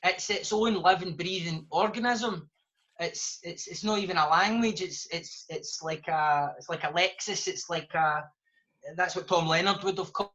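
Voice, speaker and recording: A man's voice: high voice, moderate pace, pushed and bright. Scottish male guest, fluent and impassioned, muffled lo-fi sound. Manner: fluent, passionate explaining. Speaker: guest author. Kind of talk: live podcast discussion. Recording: dull lo-fi sound.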